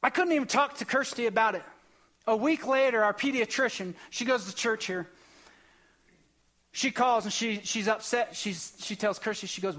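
A man's voice: high-pitched, moderate pace, a bit bright. A young man preaching a sermon, telling a personal testimony with emotional, impassioned bursts. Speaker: pastor.

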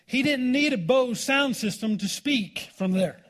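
Husky high-voiced man preaching. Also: lively intonation, a little slow, fairly bright tone. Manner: folksy, informal preaching that calls for congregation responses. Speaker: pastor. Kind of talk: sermon.

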